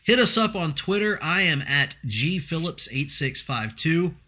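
A man's voice: on the high side, expressive, unhurried, bright, forceful tone, lo-fi sound. A man co-hosting a casual comics podcast, chatty and laughing often. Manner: chatty, laughs often, breaks into a mock radio announcer voice. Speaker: podcast co-host.

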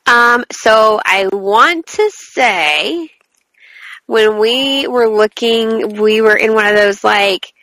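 A woman with a bright, fairly high voice, chatting casually as a podcast co-host. She trips over her words and laughs at her own slips. The sound is close and dry, with no room echo. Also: takes it slowly. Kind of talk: casual chat and reading a book blurb aloud.

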